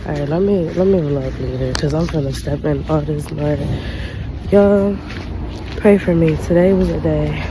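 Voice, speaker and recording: A woman's voice: low-pitched, steady tone, moderate pace, background noise. A young woman vlogging casually from her phone, chatty and exasperated, full of slang. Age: young adult. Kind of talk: casual storytime vlog. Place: outdoors on a city street.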